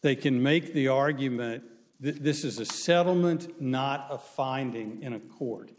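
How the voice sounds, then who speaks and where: A man arguing a case as a lawyer before a court, measured and halting with frequent restarts. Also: medium pitch, big-room sound. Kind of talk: courtroom oral argument.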